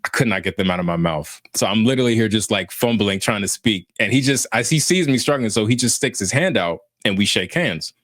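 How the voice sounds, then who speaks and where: A man in his thirties telling a story casually on a podcast, animated and self-mocking, laughing as he goes. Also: lowish voice, a little fast, few pauses, dry recording, clean studio sound. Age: 30s. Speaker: podcast host.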